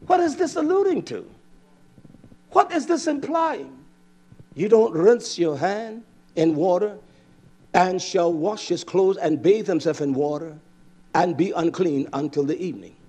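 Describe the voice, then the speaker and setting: A man preaches, reading scripture aloud and bluntly scolding his audience, his volume swinging between loud outbursts and low mutters.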